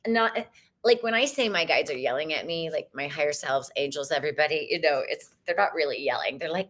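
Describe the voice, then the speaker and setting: A woman with a drawl chatting through a live tarot stream, warm in her enthusiasm and quick to say "y'all." Her voice sounds a little worn and tired. She talks casually and effusively, like she is hanging out with friends. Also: low voice, animated. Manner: bubbly, effusive, sprinkles in "y'all", sometimes sings. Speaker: tarot reader and livestream host.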